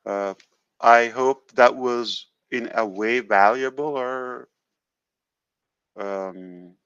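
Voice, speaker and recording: A man hosting a live call, talking in a halting way with many fillers and restarts. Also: medium pitch, a bit bright, clear, resonant tone, no room sound, highs cut off. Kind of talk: casual live call talk.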